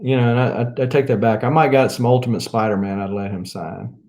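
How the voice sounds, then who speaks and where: Southern-accented man, casual rambling host, lots of chuckles and drawn-out fillers. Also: medium pitch, steady tone, a little mellow. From Mississippi. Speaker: comic book channel host. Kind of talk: casual rambling haul chat.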